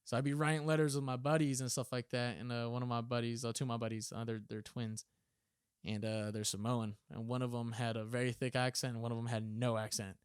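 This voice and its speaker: A man's voice: mid-range voice, little pitch movement, fast, clear, resonant tone, no echo, clean studio sound. A man in his twenties, a former Marine guest, telling profane stories in casual chat, laughing and acting out drill instructors' lines.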